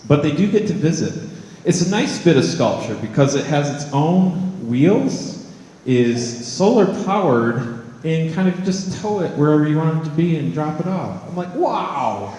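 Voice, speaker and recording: A man's voice: on the high side, animated, normal speed, dark tone. A man, an artist and college professor, giving a wry, joking, conversational talk to an audience in a large hall. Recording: echoey hall with long reverb.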